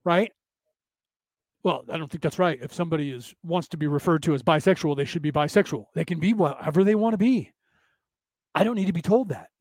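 A man's voice: on the high side, fairly quick, darkish tone, no echo. A man hosting a podcast class, talking in a rambling, sarcastic monologue with profanity, acting out quoted exchanges. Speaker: podcast host teaching a class. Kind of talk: casual lecture-style monologue.

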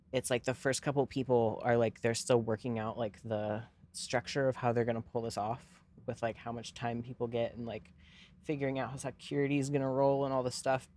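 A man's voice: medium pitch, a little mellow, a little hiss or hum. A young man co-hosting a podcast, telling a long story in casual chat, rambling and swearing freely with lots of fillers. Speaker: podcast co-host.

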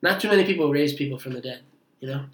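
A man's voice: medium pitch, fast, a bit bright, roomy sound, rough recording. A man preaching a sermon, reading scripture aloud and explaining it with earnest asides. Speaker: pastor.

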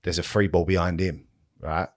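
A man with a fairly low voice spins a long anecdote on a podcast. He talks in loose street slang, swears without a second thought and keeps tossing in "right?" to hold his listener. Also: normal speed. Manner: animated anecdote teller, swears freely, leans on "right?" and "yeah?". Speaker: podcast co-host. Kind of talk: casual storytelling chat.

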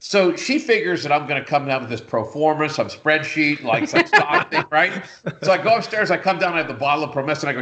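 A middle-aged man and retired businessman, telling an anecdote in casual conversation and jumping high in pitch when he quotes himself. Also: sing-song, a little fast, fairly bright tone, slight background noise. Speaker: interview guest, retired businessman. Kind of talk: casual storytelling.

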